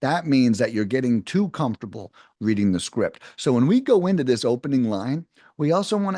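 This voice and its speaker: Lively man coaching cold callers. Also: medium pitch, a little fast, no echo, clean studio sound. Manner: animated, talks to viewers as guys, acts out sample phone lines. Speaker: cold calling sales trainer. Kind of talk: casual coaching lesson to camera.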